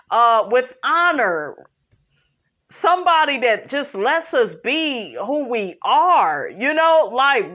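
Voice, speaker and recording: A woman's voice: high voice, bright, forceful tone, dull audio. A woman, giving sassy casual commentary and reading out viewer comments, calling her viewers honey. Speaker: commentary host.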